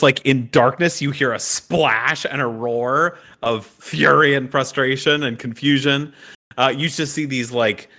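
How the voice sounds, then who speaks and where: A man's voice: medium pitch, bright, forceful tone. A man narrating as game master of a tabletop game, laughing often and stopping for fillers and restarts as he describes the scene.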